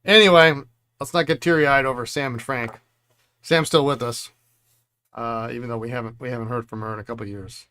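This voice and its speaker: A man's voice: mid-range voice, a little fast, pushed and bright, clean tone. A middle-aged man hosting a pen repair stream, rambling through stories and chuckling often. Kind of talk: casual chat while working.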